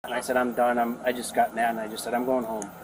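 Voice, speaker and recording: A man's voice: mid-range voice, monotone, fast. A young man, a neighbor, rambling through a retelling of events to police outdoors and acting out what others said. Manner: rambling, acts out quoted talk. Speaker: neighbor giving a statement. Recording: noisy outdoor body camera audio.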